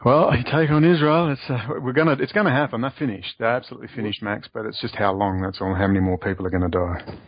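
A man speaking as a guest in a remote interview, excitable and ranting, his voice leaping up in pitch to stress points. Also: fast. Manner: excitable, ranting, voice leaps up for emphasis. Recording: dull lo-fi audio.

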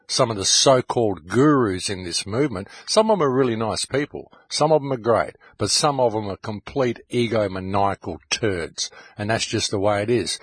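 Husky-voiced man ranting on radio. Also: medium pitch, dry recording. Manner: ranting, urgent, addresses listeners directly. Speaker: radio show host. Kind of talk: impassioned monologue.

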